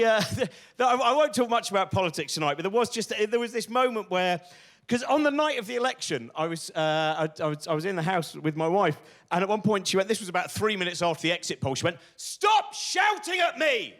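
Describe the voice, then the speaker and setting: A man's voice: sits high, expressive, fast talker, fairly bright tone. A man doing stand-up comedy on stage, ranting and swearing with exasperated energy.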